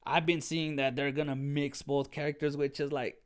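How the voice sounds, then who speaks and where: A man's voice: fairly high pitch, moderate pace, smooth. Rambling, slangy man reviewing a TV episode. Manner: rambling, slangy, says "dude" a lot; excitable, with many restarts. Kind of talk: casual spoken review.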